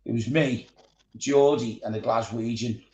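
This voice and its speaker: A man's voice: mid-range voice, a little slow, darkish tone, reverberant, low-quality recording. A man with a Scouse accent chatting casually while painting miniatures, rambling into stories and swearing freely. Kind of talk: casual chat.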